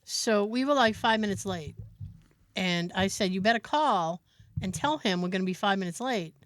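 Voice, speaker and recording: Here a woman on a podcast relates a story in a relaxed chat, bringing it to life by acting out the words of others as she quotes them. She co-hosts the show, speaking at normal speed with a medium pitch on a dry recording.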